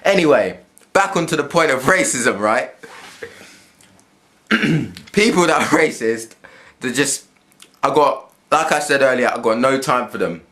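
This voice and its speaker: A man's voice: medium pitch, lively intonation, unhurried, pauses often, fairly bright tone. A man from England, ranting to camera in his room at home, swearing freely and repeating himself as he goes. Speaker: vlogger. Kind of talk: casual rant to camera.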